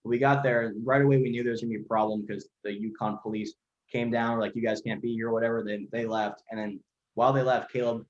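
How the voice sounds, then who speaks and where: A man who is a guest chef on a podcast, telling stories in a rapid, rambling way full of fillers and swearing. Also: medium pitch, steady tone. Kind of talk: casual storytelling. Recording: lo-fi dull audio.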